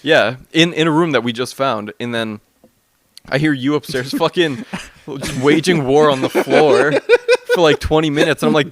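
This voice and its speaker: A man's voice: a little high, normal speed. A man from Canada, co-hosting a stream, telling stories in casual chat, laughing and acting out sounds. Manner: animated, laughing, mimics sounds. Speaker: stream co-host.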